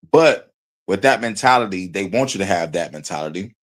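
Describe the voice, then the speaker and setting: A man's voice: lowish voice, breathy edge. A man hosting a stream, reacting to a video with heated, profane, rambling commentary.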